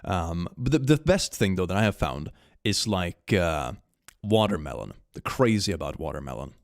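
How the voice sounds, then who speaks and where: A young man streaming from home, reading fan memes aloud and reacting in an animated, giggly way that swings between hushed and excited. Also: low-pitched, normal speed, vocal fry, dry recording, clean studio sound. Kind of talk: casual livestream chat.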